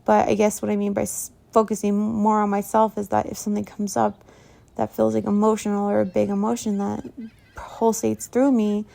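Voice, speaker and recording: A woman talking in a casual diary-style vlog, rambling softly and trailing off with fillers, a little stuffy from allergies. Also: mid-range voice, monotone, normal speed, vocal fry. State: runny nose from allergies. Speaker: meditation vlogger.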